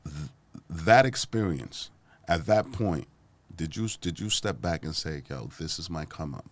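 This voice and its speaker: A man's voice: extremely low pitch, animated, unhurried, no echo. A man hosting a casual interview, who laughs often and repeats words as he asks questions. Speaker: host.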